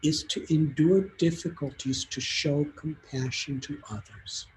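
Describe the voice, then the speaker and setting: A man's voice: a little high, fairly even intonation, a little slow, darkish tone, a little hiss or hum, low-quality recording. A man telling a devotional story as a sermon, in an earnest and heartfelt way. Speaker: spiritual teacher giving a talk.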